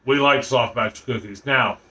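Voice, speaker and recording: A man's voice: mid-range voice, a little slow, bright, forceful tone. A man hosting a casual home cooking video in his kitchen, chatty and rambling, often restarting his sentences. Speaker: home cooking channel host.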